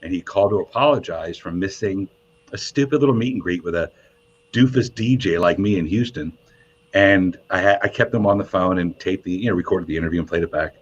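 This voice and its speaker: A man, a radio DJ and guest, telling animated stories in a casual interview and jumping up in pitch when he quotes people. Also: fairly quick, slightly rough. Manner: animated storyteller, voices quotes with high pitch jumps. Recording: muffled lo-fi sound.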